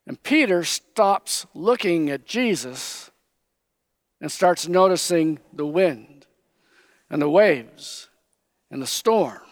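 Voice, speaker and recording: A man preaching a sermon, teaching slowly and with emphasis, raising his voice when he quotes. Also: fairly high pitch, no room sound. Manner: slow, emphatic Bible teaching, quoting figures in raised voice.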